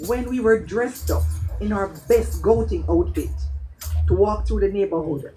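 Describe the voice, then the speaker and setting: Warm Jamaican woman telling a story. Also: mid-range voice, moderate pace, faint music behind, rough recording. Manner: animated storytelling, slipping into patois. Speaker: poet. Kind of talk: spoken-word poetry performance.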